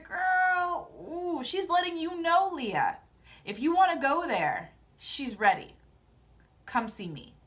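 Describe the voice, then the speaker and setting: A young woman with a high voice chats casually to her camera as a vlogger. Her delivery is sassy, animated and opinionated, full of quick reactions. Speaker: vlogger recapping a TV show. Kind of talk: casual chat.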